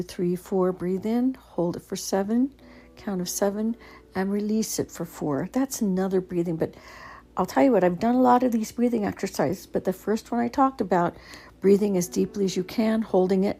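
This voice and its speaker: A woman gently guiding anxiety-relief exercises, talking slowly with soft pauses and fillers. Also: medium pitch. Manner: drops to a whisper at times. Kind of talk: calming self-help guidance.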